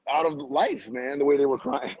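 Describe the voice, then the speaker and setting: A young man co-hosting a podcast, telling an animated story in casual chat and laughing often. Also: mid-range voice, normal speed, breathy edge, dry recording, rough recording. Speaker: podcast co-host.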